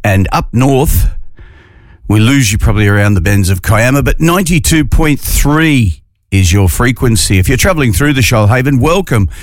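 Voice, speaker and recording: A man's voice: mid-range voice, lively intonation, moderate pace, no room sound, clean studio sound. An Australian man hosting a community radio morning show, chatty and jokey, drawing out his phrases. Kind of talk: casual morning radio chat.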